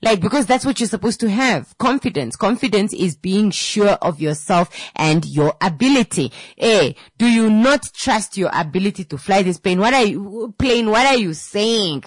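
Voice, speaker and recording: A woman's voice: mid-range voice, animated, normal speed, hardly any pauses, no room sound. A woman hosting a radio show, giving an earnest motivational talk full of rhetorical questions. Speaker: radio host.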